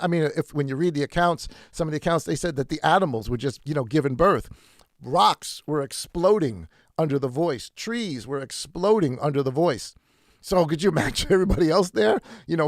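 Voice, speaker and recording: A man preaches a sermon in a rising and falling, animated voice that sits a little high. He leans on key words by stretching them out, then rushes through quick asides. The sound is close and dry, with no room echo. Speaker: pastor. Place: church.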